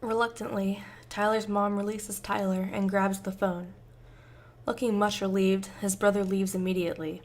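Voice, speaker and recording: A woman narrating fan fiction aloud in a measured, even storytelling manner. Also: medium pitch.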